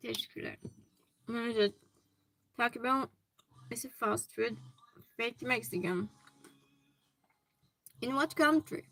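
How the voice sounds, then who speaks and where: Woman, livestream host, casual chat, reads comments aloud, bright tone, slightly high pitch. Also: expressive, takes it slowly, creaky, long pauses, low-quality recording. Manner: chatty, greets viewers by name. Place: home hobby room.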